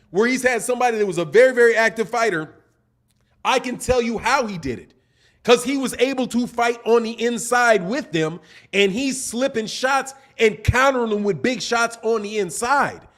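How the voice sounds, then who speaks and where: Male stream host with a high voice, argumentative, fond of rhetorical questions. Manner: animated, argumentative, asks repeated rhetorical questions. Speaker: boxing channel host. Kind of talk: live-stream commentary, reading viewer chats.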